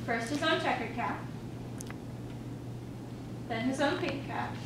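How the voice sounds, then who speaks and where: Deliberate woman storyteller, slow and high; echoey distant room with noise. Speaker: student storyteller. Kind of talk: reading a children's story aloud in class. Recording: echoey room, far mic, background noise.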